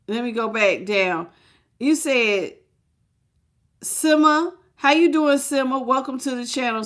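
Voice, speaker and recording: Woman with a slightly high voice doing a chatty live tarot reading aimed straight at the viewer. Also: fairly bright tone. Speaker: tarot reader.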